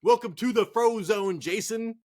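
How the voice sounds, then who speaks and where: A podcast co-host from Northern California talks fantasy football from a cold garage, rambling, joking, and swearing plenty in casual sports chat. His voice is high-pitched and a little mellow, at a moderate pace.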